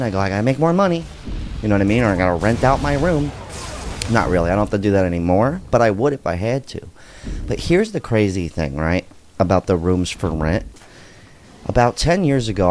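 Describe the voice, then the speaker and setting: A middle-aged man with a lowish voice gives loose, animated commentary as a video host. He is blunt and swears now and then, and a faint hiss sits under his talk. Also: a little fast. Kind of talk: casual reaction commentary.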